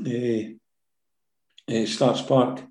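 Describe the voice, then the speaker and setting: A man's voice: medium pitch, little pitch movement, extremely slow, warm tone, reverberant. An older man with a Scottish accent, a former footballer telling stories in a casual interview, full of fillers and tag questions.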